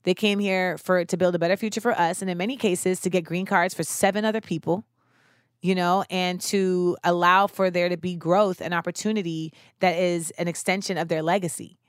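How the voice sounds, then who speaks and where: A woman's voice: lowish voice, fairly even intonation, brisk, clean tone, no echo, clean studio sound. A woman hosting a podcast, talking through her thoughts in an earnest, reflective way with frequent "you know"s. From United States, of West Indian parents. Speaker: podcast host. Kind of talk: reflective casual monologue.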